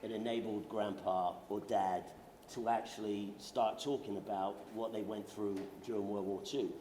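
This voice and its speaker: A man's voice: fairly low pitch, fairly even intonation, normal speed, warm tone. A British man with a London accent telling stories on a panel in a joking, self-deprecating way. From Britain. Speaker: actor on a veterans' conference panel. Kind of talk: casual panel storytelling. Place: conference hall panel. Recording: roomy echo with faint noise.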